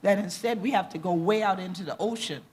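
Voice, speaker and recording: A husky, fast, medium-pitched voice belongs to a panel speaker whose first language is Gullah and who hails from the Gullah Geechee coast of the southeastern US. Their conference talk is impassioned and emphatic, switching between Gullah creole and English in a Gullah Geechee accent.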